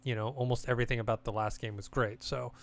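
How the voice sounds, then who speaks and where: A man co-hosting a games podcast in casual chat, talking in a relaxed, rambling way with many restarts. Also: mid-range voice, quick pace, vocal fry. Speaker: podcast co-host.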